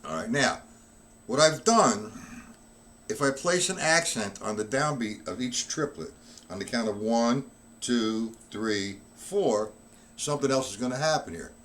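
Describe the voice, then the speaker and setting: A man's voice: medium pitch, lively intonation, unhurried, a bit bright, a little hiss or hum. A man giving a live-streamed drum lesson who is not feeling well, coughing now and then and counting the beats aloud as he demonstrates. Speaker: drum teacher.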